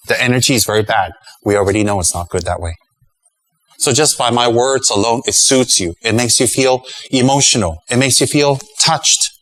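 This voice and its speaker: A man's voice: mid-range voice, a bit bright, poor audio. A middle-aged man giving a Dharma talk as a Buddhist teacher, emphatic and rhetorical, chuckling at his own jokes.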